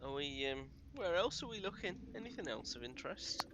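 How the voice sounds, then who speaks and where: A playful tabletop game player who chats casually in a mid-range voice. A clear background hiss sits under the speech. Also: medium pitch, big pitch swings, brisk. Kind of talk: casual tabletop role-play chat.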